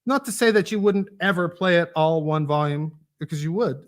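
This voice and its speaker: Brief: male drum instructor, slightly higher voice, casual teaching tone, heavy noise behind. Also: fairly quick. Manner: casual, explains while playing, counts off exercises. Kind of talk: live online drum lesson. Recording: loud drumming and clicks behind.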